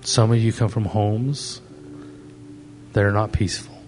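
A man's voice: fairly low pitch, flat delivery, measured pace, darkish tone, soft background music. A man preaching a sermon to young people, asking the audience questions and telling stories from his ministry. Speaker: pastor.

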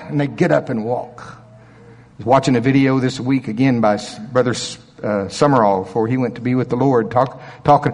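A man preaching a sermon, telling stories with big swings from quiet low murmurs to loud high exclamations. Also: big-room sound.

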